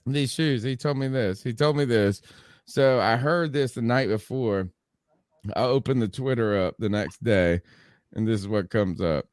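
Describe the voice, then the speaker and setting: A man's voice: fairly low pitch, normal speed, no echo, clean studio sound. Profane, laughing man hosting a podcast. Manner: animated storytelling, profane, laughs often. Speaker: podcast co-host. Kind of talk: casual chat.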